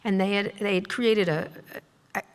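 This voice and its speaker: A middle-aged woman, a journalist guest at a live talk, telling sardonic, profane stories and mimicking people in quick asides. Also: mid-range voice, steady tone, clean tone. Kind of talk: on-stage storytelling conversation. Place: live event hall with audience. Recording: long reverb of a large hall.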